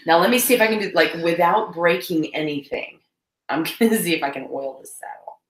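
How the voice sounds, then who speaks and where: A woman's voice: on the low side, expressive, fairly quick. A woman co-hosting a casual live-stream chat while cleaning tack, giggly and saying "y'all", stuffy from blowing her nose. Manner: chatty, giggly, says "y'all". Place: indoors at home cleaning tack. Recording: echoey room.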